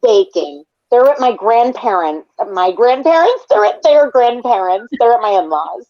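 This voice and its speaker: A woman's voice: fairly high pitch, very animated, moderate pace, warm tone, no room sound. Woman host, 30s, chatty, reads chat, dull lo-fi mic. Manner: chatty, reads viewer comments aloud. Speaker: stream host. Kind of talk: casual chat.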